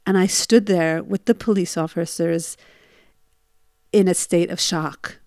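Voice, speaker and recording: A woman's voice: on the low side, steady tone, a little slow, a little mellow, no room sound, studio quality. A woman in her forties telling a personal story, reliving her panic with emotional bursts.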